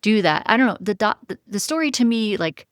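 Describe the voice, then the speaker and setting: Smooth-voiced woman podcast co-host. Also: medium pitch, lively intonation, brisk, dry recording, studio quality. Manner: thoughtful, many small restarts and agreeing murmurs. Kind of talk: casual book club chat.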